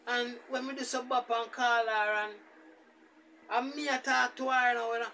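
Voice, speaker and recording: A man's voice: extremely high pitch, normal speed, distant mic, a little hiss or hum. A man with a Jamaican Patois accent rambling through a casual, repetitive story as a vlogger. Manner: rambling, repetitive, animated retelling.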